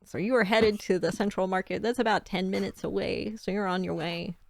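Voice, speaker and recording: Gravelly-voiced woman game master. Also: medium pitch, steady tone, brisk, no echo, studio quality. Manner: chatty, loose improvised narration. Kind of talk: narrating a tabletop game on stream.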